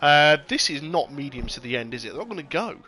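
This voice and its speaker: A man giving casual, excitable sim racing commentary with lots of banter and swearing. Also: on the high side, fast talker, a little hiss or hum. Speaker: race commentator.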